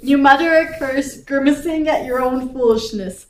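A woman with a somewhat high, bright voice reads a spooky gamebook aloud for her co-host. She reads with animation and often stops to laugh or chat. The sound is roomy and echoey, as if the mic sits a little way off. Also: moderate pace. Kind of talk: casual read-aloud storytelling. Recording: roomy echo, distant from the mic.

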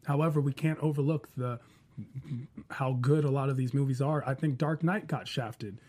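A man's voice: mid-range voice, steady tone, moderate pace, dark tone. A man on a casual panel discussion, giving opinionated arguments point by point. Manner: opinionated, argues in numbered points.

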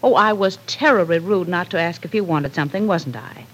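A woman's voice: fairly low pitch, a little fast, lightly acted, low-quality recording. An actress playing a cruel woman villain who gloats over her captive in a 1940s radio drama, mocking and sneering. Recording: faint hiss of an old radio broadcast.

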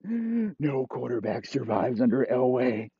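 A man's voice: mid-range voice, sing-song, unhurried, husky, no echo. A man telling an improvised comic story in a rambling, profane way. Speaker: comedy storyteller. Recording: dull lo-fi recording.

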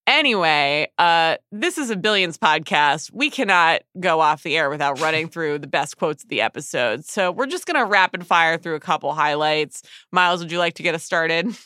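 Bright podcast cohost, super chatty, says like a lot, dry close mic. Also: medium pitch, moderate pace, hardly any pauses, clear, resonant tone, no room sound. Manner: chatty, animated, peppered with "like". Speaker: podcast co-host. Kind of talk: casual TV recap podcast chat.

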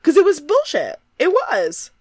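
A woman's voice: very high voice, wildly swooping pitch, a little slow, crowd noise. A woman co-hosting a casual show, recapping TV with friends; she laughs often and swears freely. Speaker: podcast co-host.

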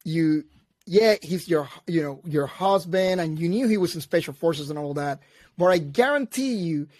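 A man's voice: a little high, normal speed, darkish tone, no echo. Earnest man with a dry close sound. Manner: earnest, repeats himself for emphasis. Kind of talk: casual conversation.

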